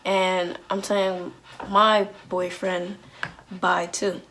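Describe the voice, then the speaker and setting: A woman telling a personal story on her vlog in an animated, slangy way, full of "like"s and restarts. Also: on the low side, very slow, slight background noise. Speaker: vlogger.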